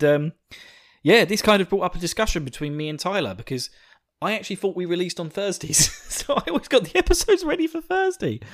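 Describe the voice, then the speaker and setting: A young man from England with an Essex accent, hosting a podcast in casual, self-mocking chat and laughing often. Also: fairly high pitch. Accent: Essex English. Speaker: podcast host.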